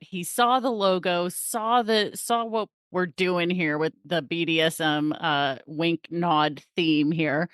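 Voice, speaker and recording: A woman's voice: lowish voice, no room sound, studio quality. A woman hosting a podcast, bubbly and gushing as she introduces her guest, laughing often. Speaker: podcast host. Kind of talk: casual interview chat.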